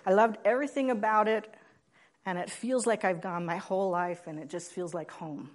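A woman in her sixties from Oregon giving a sermon and personal testimony in a plainspoken, gently humorous way. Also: mid-range voice, steady tone, moderate pace. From Oregon, USA. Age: 60s. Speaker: lay preacher.

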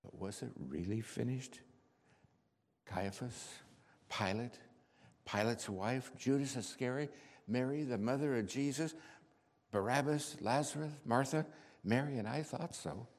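Slow, dramatic preacher in a hall. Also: male voice, mid-range voice. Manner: slow, dramatic storytelling with hushed drops and sudden loud outbursts. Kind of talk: dramatic first-person sermon monologue. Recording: reverberant hall.

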